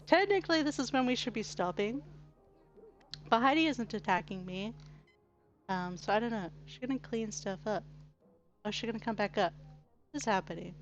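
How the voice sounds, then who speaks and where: A woman's voice: on the high side, expressive, moderate pace, pauses often, highs cut off, soft background music. An Australian woman streaming a game, chatty and giggly, with lots of "like". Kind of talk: casual gameplay chat.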